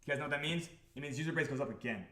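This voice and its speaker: A man hosting a livestream about his crypto project, talking to the chat in an excitable, profane, repetitive way. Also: a little high, very fast, reverberant, slight background noise. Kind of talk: livestream talk to a chat audience.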